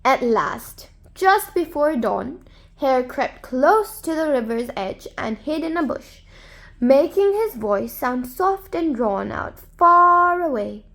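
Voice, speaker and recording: A woman narrating a folktale to children in a gentle, expressive storybook manner. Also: high voice, slow pace.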